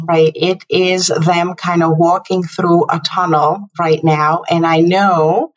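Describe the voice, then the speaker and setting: A woman in her fifties, a mother and parenting guest, telling a personal story in an interview in a reflective, halting way with many restarts. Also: lowish voice. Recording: distant, muffled remote audio.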